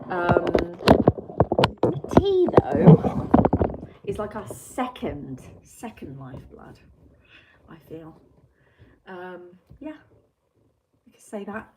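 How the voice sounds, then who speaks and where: A woman's voice: lowish voice, very animated, slow pace, pauses often, heavy background noise. A woman with a Yorkshire accent chatting casually on a livestream from home, self-mocking and swearing freely. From England. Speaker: livestream host. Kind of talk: casual chat with live chat. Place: home room. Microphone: computer mic.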